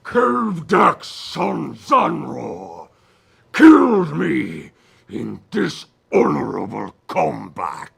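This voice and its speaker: A man voicing a vengeful undead male warrior spirit, booming slowly and drawing out his words. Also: wildly swooping pitch, gravelly, a bit bright, husky, exaggerated voice. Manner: slow, drawn-out, booming delivery.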